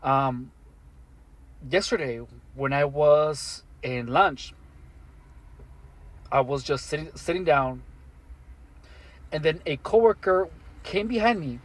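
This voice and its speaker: A man speaking alone to the camera in an earnest, matter-of-fact monologue, halting with many restarts and fillers. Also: fairly high pitch. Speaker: vlogger. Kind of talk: first-person monologue to camera.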